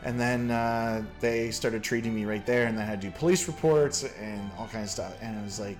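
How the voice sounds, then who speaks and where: A man's voice: fairly low pitch, a little fast, hardly any pauses, soft background music. A man from Canada hosting a casual chat, rambling through a story with lots of fillers. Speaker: podcast host.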